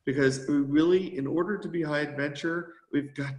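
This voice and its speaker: A man who leads a youth sailing group, giving a brisk, upbeat motivational talk to a meeting. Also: a little high, steady tone, a little mellow, echoey room, poor audio. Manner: brisk and upbeat, rushing to fit his time. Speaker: sea scout skipper giving a presentation.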